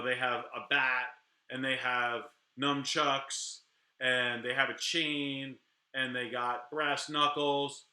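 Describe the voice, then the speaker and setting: Candid, bright-voiced male attorney. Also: medium pitch, reverberant. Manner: candid, rambling, animated with frequent restarts. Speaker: criminal defense attorney. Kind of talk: casual talk to camera.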